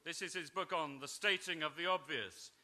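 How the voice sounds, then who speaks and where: Bright-voiced man reading comic parodies. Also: on the high side. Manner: dry, brisk and self-mocking, with small hesitations. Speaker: author reading at a literary festival. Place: festival stage before an audience.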